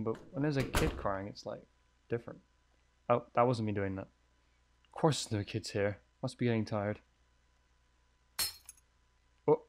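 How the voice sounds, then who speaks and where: A man giving let's play commentary on a horror game, jumpy and thinking aloud, swearing often. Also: mid-range voice. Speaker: gamer playing a horror game.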